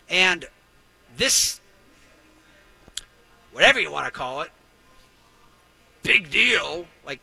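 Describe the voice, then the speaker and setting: A man's voice: high voice, pushed and bright, breathy edge, poor audio. A man hosting a talk show, ranting sarcastically and riffing for laughs. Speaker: radio show host. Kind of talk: comedic talk-show rant.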